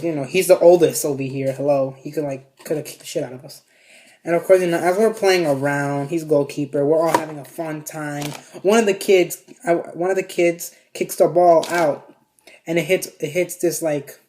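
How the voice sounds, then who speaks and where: A man's voice: fairly high pitch, darkish tone. A young man from Mexico telling a casual storytime tale, rambling with constant fillers and heavy swearing. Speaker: vlogger.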